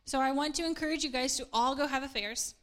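A woman's voice: high voice, fast, a bit bright. A middle-aged woman pastor, preaching a casual sermon in an earnest, chatty way and laughing at herself now and then.

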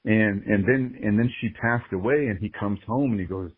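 Speaking at a normal pace in a lowish, slightly rough voice, a sports ring announcer guesting on a podcast opens up earnestly and emotionally about his life. The sound is dry and phone-like, with a narrow band.

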